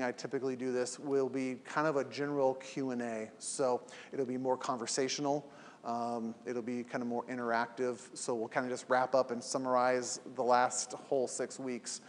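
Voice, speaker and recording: This man's medium-pitched voice barely rises or falls, and he talks fairly quickly in a large-sounding space. It's his weekly evening class, delivered live with earnest emphasis and acted-out everyday quotes, then shared as a podcast.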